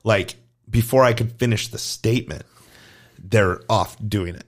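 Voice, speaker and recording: A middle-aged man, a gymnastics coach co-hosting a podcast, telling lively stories in casual chat and acting out the voices of the people in them. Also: lowish voice, a little slow. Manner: animated, acts out quoted voices in his stories.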